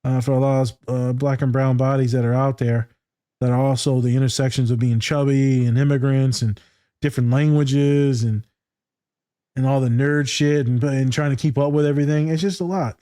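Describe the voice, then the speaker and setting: A man's voice: mid-range voice, fairly even intonation, brisk, dark tone, no echo. Male podcast host, candid, profane, casual, dry close sound.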